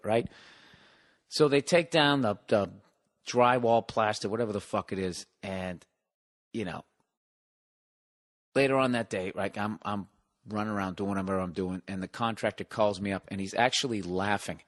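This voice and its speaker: Speaking at normal speed with a fairly low voice and frequent pauses, a middle-aged man from the United States hosts his own podcast. It's a solo comedic rant: profane, exasperated, and full of sarcastic asides.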